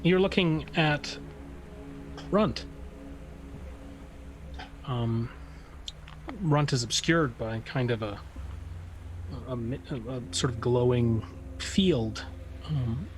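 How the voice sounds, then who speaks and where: A man narrating as game master of a tabletop game, in a halting way with many pauses and restarts. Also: medium pitch, slight background noise, low-quality recording.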